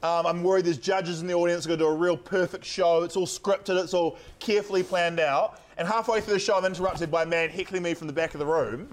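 High-voiced jokey New man. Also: steady tone, fast talker, hardly any pauses. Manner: jokey, self-deprecating, laughs often. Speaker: comedian guest. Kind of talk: casual chat.

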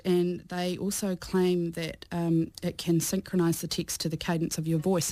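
Woman, tech commentator, lowish voice, clear brisk explaining, dry close sound. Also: darkish tone, dry recording. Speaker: social media commentator. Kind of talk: casual radio chat.

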